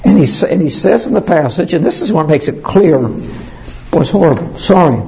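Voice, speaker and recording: A man preaching as a pastor, teaching verse by verse. He slows down to stress key words and often clears his throat. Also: a little high, animated, warm tone, low-quality recording.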